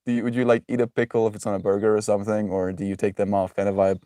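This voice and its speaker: A man's voice: lowish voice, little pitch movement, racing, warm tone, no echo, clean studio sound. A young man chatting casually on a live stream, reading chat messages aloud and laughing often in a joking way.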